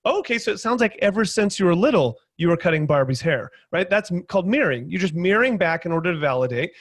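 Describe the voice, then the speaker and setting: A man on a panel video call, explaining sales techniques in lively conversational talk and acting out quotes. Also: high voice, fast, dry recording. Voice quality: animated storyteller, acts out quotes loudly.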